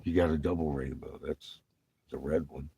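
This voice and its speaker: A man's voice: rumbling low, steady tone, moderate pace, mellow, slightly rough. A man telling rambling, profane stories about his navy days in casual vlog talk, laughing often between lines.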